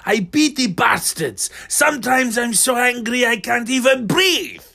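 Man putting on a bright, rasping Russian woman soldier bent on revenge. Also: very high voice, animated, measured pace, voice pushed up, heavily acted. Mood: vengeful. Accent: put-on Russian. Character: grim vengeful Soviet woman tank driver, furious.

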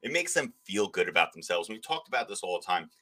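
Podcast host guy ranting hard, low-ish voice but bright and punchy. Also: sing-song, quick pace, slightly rough. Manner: ranting, emphatic, slips into mocking voices. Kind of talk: opinionated political podcast talk.

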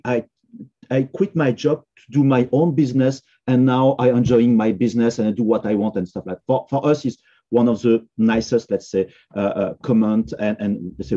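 A man's voice: mid-range voice, dark tone, breathy edge. Man with a French accent, muffled. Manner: hesitant, many fillers and restarts. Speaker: software company founder, podcast guest. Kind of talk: casual podcast conversation.

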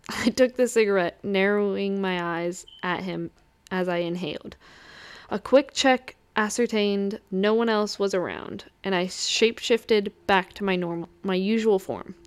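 A woman narrating a first-person urban fantasy novel with a wry, lightly amused touch. Her mid-range voice is smooth and clear, and she reads at an even, natural pace. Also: mid-range voice, measured pace. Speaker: audiobook reader.

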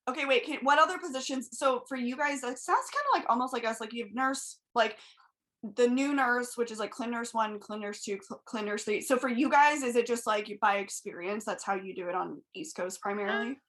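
A woman's voice: a little high, fairly quick, fairly bright tone. A woman co-hosting a podcast, a nurse who asks curious, eager questions in casual chat.

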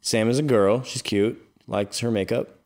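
A man's voice: fairly low pitch, fairly even intonation, measured pace, darkish tone. A man in his twenties co-hosting a casual podcast, reading chat messages aloud with a teasing, laughing manner. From United States. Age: 20s. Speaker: podcast co-host.

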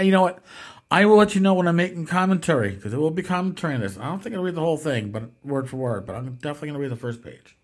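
A man hosting a casual podcast, slightly hoarse as he loses his voice, rambling and swearing wryly as he talks into a desk mic at a convention. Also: mid-range voice. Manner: rambling, profane, wry. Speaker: podcast host.

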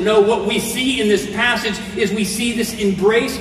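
A man preaches a sermon in an earnest way, moving between reading scripture and explaining it. His voice sits high and carries from some distance off the mic. A long, ringing reverb fills the hall around him. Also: fairly even intonation, moderate pace, few pauses, a bit bright, a little hiss or hum.

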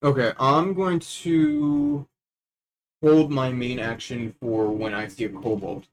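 A man's voice: mid-range voice, animated, low-quality recording. Hesitant man playing a tabletop game. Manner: hesitant, halting, with many uhs. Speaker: player. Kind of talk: casual tabletop game play.

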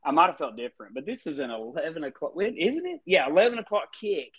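A man's voice: fairly high pitch, very animated, quick pace, fairly bright tone, husky. A man co-hosting a casual sports podcast, with playful, joking banter. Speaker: podcast co-host.

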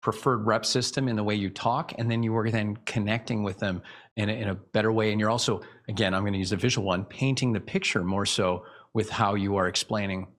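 In a casual interview, a male guest explains speaking tips in a coaching tone, acting out vocal examples and restarting often. His voice sits on the low side, steady and a bit bright, and he talks a little fast.

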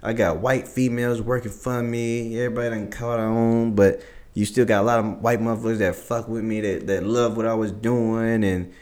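A man's voice: little pitch movement, moderate pace. Profane man telling a story. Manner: profane, swears constantly; acts out quoted exchanges, jumping higher and louder. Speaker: interview guest. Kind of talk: casual storytelling.

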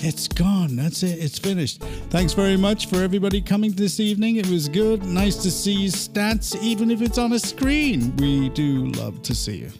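Jokey male host, slightly high. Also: expressive, normal speed, hardly any pauses, over music. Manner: jokey, laughs a lot, teasing. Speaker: show host. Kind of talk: casual chat, leading a segment.

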